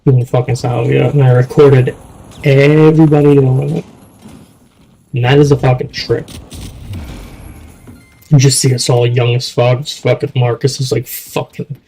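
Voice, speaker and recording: Gravelly young man chatting casually. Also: medium pitch, level tone, measured pace, pauses often, dark tone, low-quality recording. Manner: rambling, swears a lot, trails off. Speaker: streamer. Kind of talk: casual chat.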